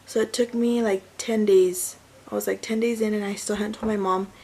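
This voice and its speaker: A woman in her thirties, a mom who vlogs, casually tells a personal story, rambling with fillers and correcting herself along the way. Her mid-range voice has a dark tone and fairly even intonation at a moderate pace, on a low-quality recording with some hiss or hum.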